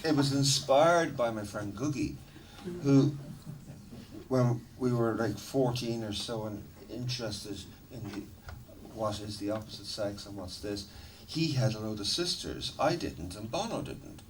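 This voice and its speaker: A middle-aged man, a musician guest in an interview, telling stories in a lively, laughing, swearing manner. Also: on the low side, measured pace. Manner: animated, swearing, laughing storyteller. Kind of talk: casual storytelling interview. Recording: distant mic with noticeable background noise.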